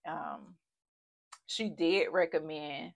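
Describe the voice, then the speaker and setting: A woman in her thirties recounts her own experience in a loose, conversational vlog. Her voice sits a little low, and she often fights back tears and laughs them off. The delivery stays candid and personal. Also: slow, vocal fry. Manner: conversational and emotional, talks herself through tears with laughs. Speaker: vlogger sharing a personal story.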